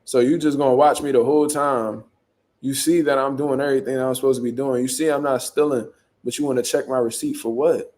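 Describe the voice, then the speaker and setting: Profane, animated young man from Philly. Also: medium pitch, brisk. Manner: profane, animated street storytelling with acted-out quotes. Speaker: show host. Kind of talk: casual storytelling.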